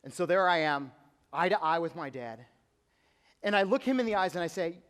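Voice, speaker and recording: A young man, a youth pastor, telling a personal story in a sermon, earnest, sometimes hushed and sometimes emphatic. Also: high voice, animated, brisk, long pauses, smooth. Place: church auditorium. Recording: long hall reverb.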